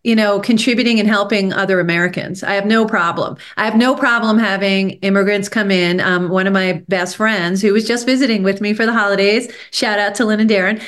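A woman's voice: mid-range voice, fairly even intonation, fairly quick, few pauses, fairly bright tone. A woman hosting a political talk-radio conversation, chatty and agreeable, with filler words. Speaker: radio host.

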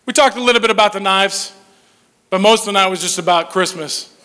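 Man in his forties, high voice, animated storyteller who drops to a hush, hall echo. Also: fairly quick. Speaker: speaker telling a personal story. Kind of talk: storytelling talk to an audience. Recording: long hall reverb.

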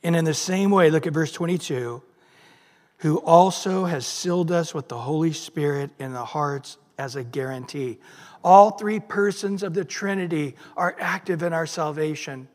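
A middle-aged man preaches a sermon in a notably high voice. He is emphatic and keeps drawing in his congregation with questions. His words ring out with a long reverb from a large hall. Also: normal speed, a little mellow. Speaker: pastor.

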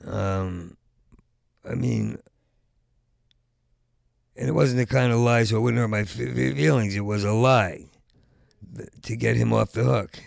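An older man with a deeply gravelly voice rambles through a comic monologue, stammering over word starts and slipping into low mutters. The sound is dry and close, with no room around it. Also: measured pace, long pauses, a little mellow, dry recording. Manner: profane rants, trails off into mutters. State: Parkinson's. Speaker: stand-up comedian.

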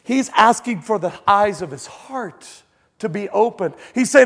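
A man preaching a conversational sermon as pastor, telling a story and rising to shouted quotes. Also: high-pitched, animated, a little slow. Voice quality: blind in one eye.

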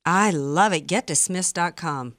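A woman's voice: lowish voice, a little slow, fairly bright tone, no room sound, studio quality. Indignant woman talk radio host. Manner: indignant, emphatic, with many fillers and restarts. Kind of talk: opinionated political talk radio. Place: studio, also streamed live online.

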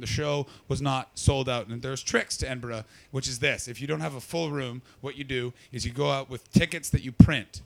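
A man performs a stand-up comedy set and chats with the crowd, loud and sweary, his voice hoarse from losing it. Now and then he leaps suddenly into a shrieking high register.

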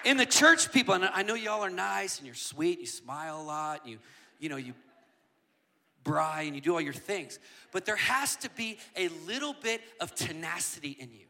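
A man preaching a passionate sermon as a guest speaker, building from quiet asides up to shouting. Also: high-pitched, animated, moderate pace, vocal fry. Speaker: guest preacher and worship leader.

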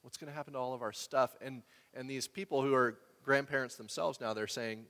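Male pastor, conversational sermon, long reverb, middle pitch. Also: brisk, few pauses. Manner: conversational storytelling, animated when quoting others.

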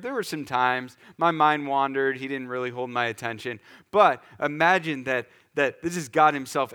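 A man preaching a sermon in a lively, conversational way, acting out scenes for the congregation. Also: medium pitch. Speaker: pastor.

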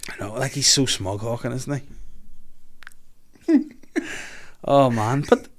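A man's voice: mid-range voice, slow, crowd noise. A young man with a Northern Irish accent hosting a casual podcast, rambling, swearing freely and laughing a lot. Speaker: podcast host. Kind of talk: casual chat.

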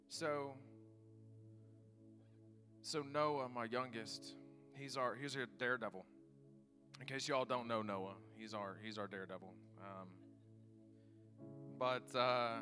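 A man preaching a sermon, telling stories with animated enthusiasm. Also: medium pitch, measured pace, soft background music. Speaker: pastor.

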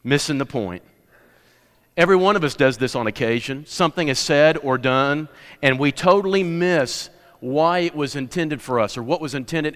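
A pastor with a rather high, somewhat bright voice preaches a sermon, telling stories and building to emphatic points. The recording carries the long reverb of a large hall.

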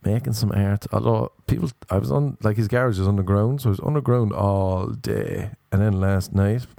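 Male comedian, casual rambling monologue, self-mocking, low and gravelly. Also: moderate pace, dark tone, no echo, clean studio sound.

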